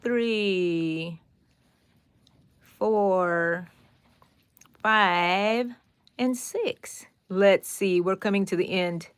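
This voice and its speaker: A woman's voice: medium pitch, extremely slow, pauses often, smooth, no room sound. A middle-aged woman, hosting a casual crochet livestream, counting stitches and chatting with viewers by name. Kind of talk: casual livestream tutorial chat.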